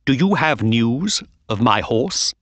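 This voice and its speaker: A man voicing an excitable racehorse owner in a storybook reading, crying out loudly as his horse runs. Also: mid-range voice, slow, no room sound. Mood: cold. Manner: loud, excited cries. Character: excitable male racehorse owner, cold then thrilled.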